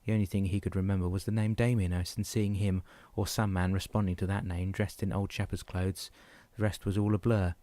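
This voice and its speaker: A man narrating a novel chapter in a steady, even reading voice. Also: deep voice, fairly quick, few pauses, dry recording. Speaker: audiobook narrator. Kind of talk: audiobook narration.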